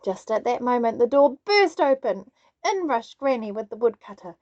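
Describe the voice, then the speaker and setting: A woman storyteller reading a children's story aloud in an expressive, sing-song way. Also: fairly high pitch, normal speed, muffled recording, a little hiss or hum.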